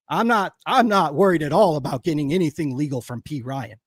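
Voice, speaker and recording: A man's voice: a little high, fairly quick, hardly any pauses, no room sound. Profane, fired-up male stream host. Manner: profane, angry ranting. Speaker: livestream host. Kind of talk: heated casual commentary.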